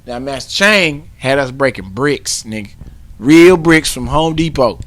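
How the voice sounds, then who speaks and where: A man co-hosting a podcast, telling a story in casual chat, profane and boisterous, breaking into shouted yells. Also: medium pitch, lively intonation, unhurried. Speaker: podcast co-host.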